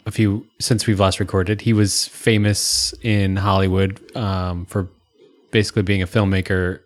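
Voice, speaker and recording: Low-voiced man rambling casually. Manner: rambling, relaxed storytelling with fillers. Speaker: podcast co-host. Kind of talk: casual chat.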